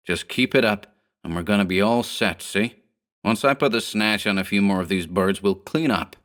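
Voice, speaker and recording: A man's voice: on the low side, moderate pace, fairly bright tone, natural voice. A man voicing a small, slick gang boss who speaks in 1930s gangster slang with a snarl and scorn. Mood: scornful.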